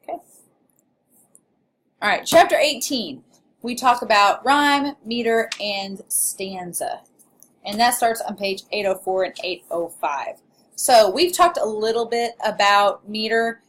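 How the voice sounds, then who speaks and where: A woman's voice: mid-range voice, a little slow, a bit bright. A woman with a Southern Illinois accent giving a recorded college English lecture, chatty and playful, with frequent laughs and asides.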